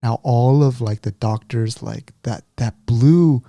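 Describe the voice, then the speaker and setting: A man co-hosting a podcast, chatting casually and telling a story with lively acted-out quotes. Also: mid-range voice, takes it slowly, dry recording. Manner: animated storyteller, acts out quotes. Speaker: podcast co-host. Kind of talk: casual chat.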